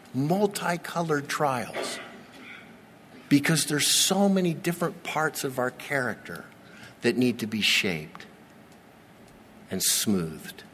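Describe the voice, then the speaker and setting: A man's voice: medium pitch, fairly bright tone, a little hiss or hum. Man preaching in a reverberant church. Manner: earnest preaching with dramatic slow pauses and repetition. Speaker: pastor. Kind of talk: sermon. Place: church sanctuary. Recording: long reverb of a large church hall.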